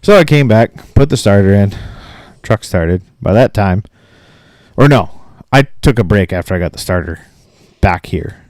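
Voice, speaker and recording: A man from Maine, late thirties, co-hosts a podcast and tells a profane story, acting out both sides. He rants and swears the whole time in an expressive, fairly low voice with a darkish tone, at normal speed. The sound is clean studio audio without echo.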